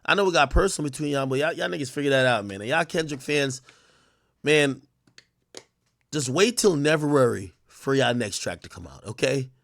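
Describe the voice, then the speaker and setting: A man in his thirties hosts a livestream, ranting to his chat in a casual, profane, mocking way and laughing often. His mid-range voice is animated with some vocal fry, at a normal speed, and there's no room sound.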